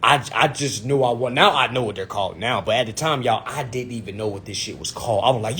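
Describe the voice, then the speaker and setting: A young man telling a profane, animated story in a casual vlog, full of "you know what I'm saying". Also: mid-range voice, fast talker, hardly any pauses, slight background noise. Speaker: vlogger giving consumer-credit advice.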